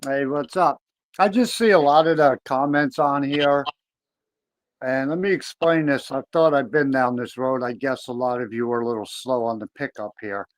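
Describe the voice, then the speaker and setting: A man's voice: mid-range voice, moderate pace, dry recording, low-quality recording. A man speaking as a guest on a livestream, defiant, confrontational and swearing freely. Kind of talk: casual livestream chat.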